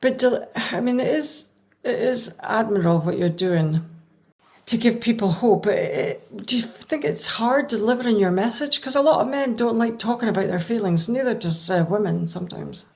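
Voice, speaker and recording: A woman's voice: on the high side, normal speed, creaky, darkish tone. A woman hosting a podcast, asking her guest questions with small restarts along the way. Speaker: podcast host. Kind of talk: interviewing a guest.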